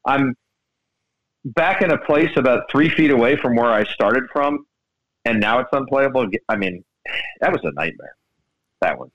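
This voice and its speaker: A man in the middle of a relaxed golf radio chat, spinning stories with a voice that climbs and dips all over the place. His pitch sits at an ordinary middle height, and he sounds close on a studio mic. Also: normal speed, pauses often, lo-fi sound. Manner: animated storyteller, lively swings in pitch. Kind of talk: casual sports radio chat.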